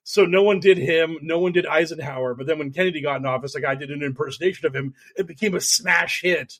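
A man's voice: a little high, fast talker, fairly bright tone, no room sound. A man co-hosting a casual podcast chat, rambling through stories with lots of fillers. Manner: rambling, loose storytelling with many fillers. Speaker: podcast co-host.

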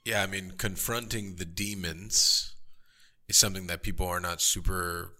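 A man's voice: low voice, steady tone, normal speed, bright, forceful tone, soft background music. A man co-hosting a podcast, playful and eager, who swears freely in casual chat. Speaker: podcast co-host.

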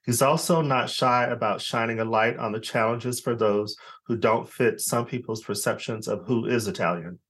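A man hosting a podcast, reading a scripted welcome and then asking his guest questions in a relaxed way with easy laughter. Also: medium pitch, moderate pace, hardly any pauses, husky. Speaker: podcast host. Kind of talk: podcast interview.

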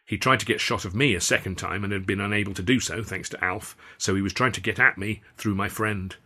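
A man's voice: fairly low pitch, brisk, bright, forceful tone. A man reading his own first-person story aloud in a wry, dry storytelling manner. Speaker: author and reader.

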